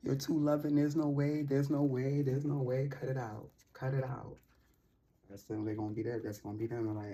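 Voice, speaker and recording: A woman hosting a casual tarot reading vlog with a mellow, husky voice. She talks in loose, slangy bursts, teasing and encouraging by turns. Her delivery is playful and animated. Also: a bass voice, normal speed. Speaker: tarot reader.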